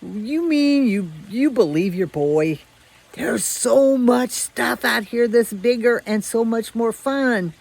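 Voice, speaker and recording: A woman's voice: fairly high pitch, lively intonation, normal speed, voice pushed up. A woman voicing a pair of scruffy stray male dogs who coax and tease in a told story. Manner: coaxing and teasing.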